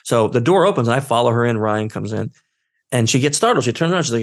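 A man telling a story as a guest in a career interview, acting out the dialogue and jumping up in pitch when he quotes people. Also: quick pace. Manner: animated, acts out quoted dialogue with his voice jumping up. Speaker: guest, social engineer.

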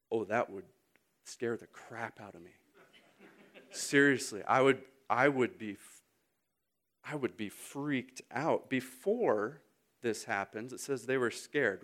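A man in his thirties delivers a sermon in an animated storytelling way, acting out scenes and now and then breaking into sudden loud bursts. His voice sits at an ordinary middle pitch for a man. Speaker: speaker.

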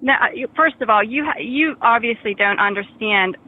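A woman's voice: a little high, moderate pace. An indignant woman on a phone call, defensive and stumbling over her words as she complains. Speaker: prank call target. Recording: tinny phone line.

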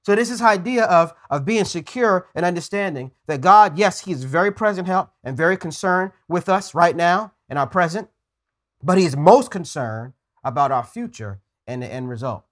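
A man's voice: high-pitched, animated, normal speed, fairly bright tone. A man preaching a conversational sermon as pastor, earnest, often stumbling and repeating words as he goes.

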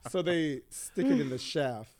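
A man's voice: fairly high pitch, big pitch swings, measured pace, darkish tone. Young man telling a profane story. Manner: profane, rambling storyteller, heavy use of filler "like". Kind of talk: casual chat.

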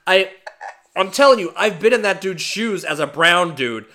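Bright-voiced, foul-mouthed man on a podcast. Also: high voice, normal speed. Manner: profane, animated storyteller. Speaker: podcast co-host. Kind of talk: casual podcast chat.

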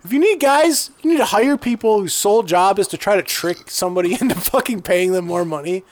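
A man's voice: sits high, animated, a little fast. A man co-hosting a casual podcast, ranting heatedly and swearing often. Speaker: podcast co-host.

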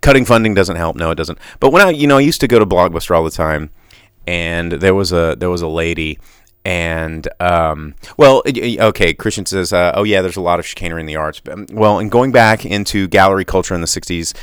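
A man's voice: low-pitched, a little fast, clean tone, dry recording, studio quality. A man hosting a solo podcast monologue, rambling passionately with many restarts and tangents. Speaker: podcast host.

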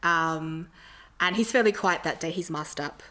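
A woman's voice: sits low, unhurried, bright, forceful tone. Chatty woman telling a story. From Australia. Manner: chatty, rambling storytelling with lots of fillers. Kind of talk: casual chat.

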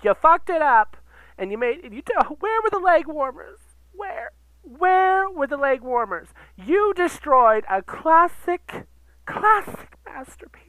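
A man voicing Donna Sugars, a lively campy drag queen. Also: very high voice, measured pace, no echo, pitched above the performer's own voice, exaggerated voice, rough recording. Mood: outraged. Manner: theatrical, gasping, swearing, camp. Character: campy, dramatic drag queen persona, adult woman. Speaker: podcast host. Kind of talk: ranting podcast monologue. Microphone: computer sound recorder.

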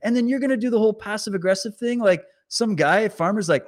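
A man's voice: very high voice, expressive, a little fast, darkish tone. A man giving a heated, sarcastic and profane commentary while reacting to clips. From Canada. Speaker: online commentator. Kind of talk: ranting commentary over clips.

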